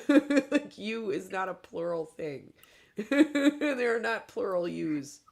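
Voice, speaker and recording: A man's voice: sits high, expressive, slow pace, gravelly. A man from Michigan with a Midwestern accent, hosting a livestream in casual chat, laughing often and mimicking accents. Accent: Midwestern American. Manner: chatty, laughs often, puts on silly accents. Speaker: livestream host.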